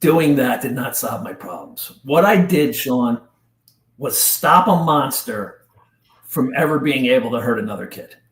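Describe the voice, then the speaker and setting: Middle aged guy from jersey telling his story real slow and intense, kinda echoey room. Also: medium pitch, expressive. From New Jersey. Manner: intense, halting, casual slang like dude and bro. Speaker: podcast guest. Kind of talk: emotional personal storytelling. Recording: roomy echo.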